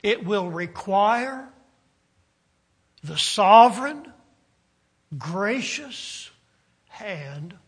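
A man preaching a sermon, slow and deliberate, building emphasis and then dropping low, with halting restarts. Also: breathy edge. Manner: halting restarts with frequent uh's.

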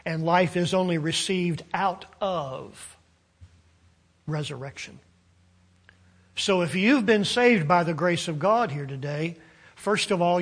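A preacher gives a slow, deliberate sermon in a fairly high voice. His pitch rises on the points he wants to stress and drops quietly as phrases end. He frequently stalls on "uh" and starts over while working through his ideas.

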